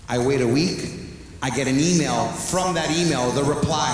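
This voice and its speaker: A man's voice: medium pitch, normal speed, a little hiss or hum. A man doing stand-up storytelling on an arena stage, animatedly acting out both sides of conversations. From Canada. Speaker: stand-up comedian. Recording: echoey arena with long reverb.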